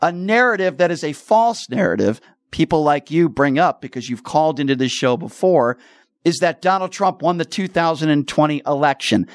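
A man's voice: on the high side, animated, moderate pace, dry recording, studio quality. A man hosting a call-in radio talk show, combative and talking over his callers.

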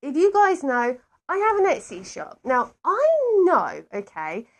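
Animated chatty woman podcaster. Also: sits high, measured pace. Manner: animated, rambling, emphatic asides to listeners. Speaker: podcast host. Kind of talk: chatty solo podcast storytelling.

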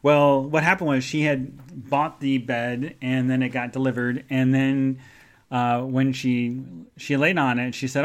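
A man's voice: medium pitch, flat delivery, a little slow. A man hosting a live online show, telling a rambling personal story in a casual chatty way with many fillers and asides. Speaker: podcast host.

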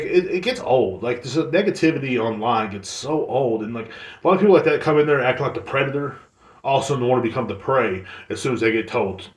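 A man hosting a solo podcast, ranting casually and profanely in a heated, rambling way. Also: mid-range voice. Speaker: podcast host. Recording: echoey room.

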